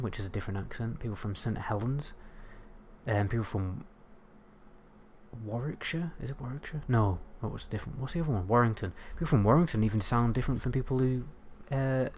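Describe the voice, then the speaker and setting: A man's voice: mid-range voice, fairly quick, a little mellow, a little hiss or hum. A man with a British accent chatting casually on a game livestream, rambling and swearing as he answers chat. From United Kingdom. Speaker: game streamer.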